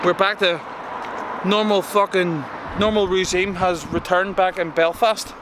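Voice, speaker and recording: A young Northern Irish fitness vlogger chats casually in a high-pitched, steady, slightly slow voice, swearing often and calling the viewer mate. He films outdoors after the gym and then at home, with noisy background sound.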